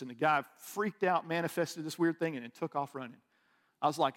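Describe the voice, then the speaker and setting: A man delivers a sermon in a relaxed, conversational manner, often restarting sentences and adding asides. His voice sits notably high for a man. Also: fast. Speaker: pastor.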